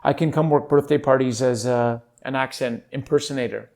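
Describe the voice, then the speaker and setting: A chummy small-town Canadian, as a man hams up the accent. He talks in a relaxed, friendly ramble. He ends almost every phrase with "eh.". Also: medium pitch, brisk, vocal fry, lightly acted. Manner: tacks on "eh" constantly, chummy.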